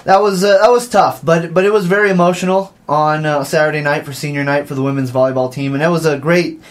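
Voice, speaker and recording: A young man hosting a college sports radio show from a small campus office, energetic and quick to laugh. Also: fairly high pitch. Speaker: host.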